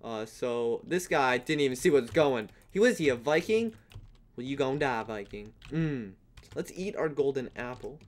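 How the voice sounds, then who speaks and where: A young man giving casual, rambling commentary on his own gameplay, now and then breaking into playful yelling. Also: mid-range voice, lively intonation, normal speed. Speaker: gaming YouTuber.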